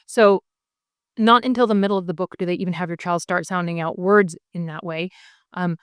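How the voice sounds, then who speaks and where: A woman's voice: fairly low pitch, clear, resonant tone, dry recording, clean studio sound. A woman in her thirties, a homeschooling mother, talking casually and eagerly as she explains things step by step, with frequent ums. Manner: friendly, enthusiastic, explains step by step with many ums. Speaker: homeschooling mother sharing curriculum picks. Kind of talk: casual explanatory video talk.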